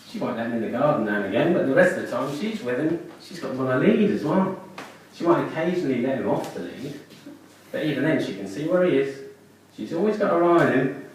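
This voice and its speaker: A man doing a stand-up comedy set at a small comedy club, with animated storytelling and deadpan asides. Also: medium pitch, slight background noise. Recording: echoey club room, distant mic.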